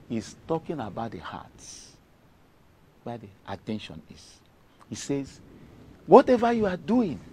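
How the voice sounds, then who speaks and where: A man's voice: a little high, darkish tone. A middle-aged man with a Nigerian accent, preaching a devotional sermon emphatically and repeating key phrases.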